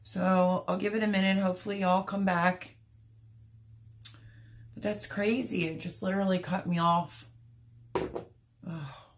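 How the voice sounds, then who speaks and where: A woman hosting her homestead livestream, chatting casually with viewers, apologetic, emotional and flustered, her voice rough and a little choked up. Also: fairly low pitch, level tone, unhurried, pauses often, slight background noise. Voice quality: rough, gravelly voice. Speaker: homestead channel host.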